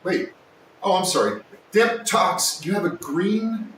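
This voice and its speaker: A man hosting a casual woodworking livestream, chatting and joking with his viewers, sometimes yelling, recorded in a workshop. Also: sing-song, slow. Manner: joking, teasing, with sudden yells. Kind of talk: casual live-stream chat with viewers. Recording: echoey room, distant mic, faint rumble.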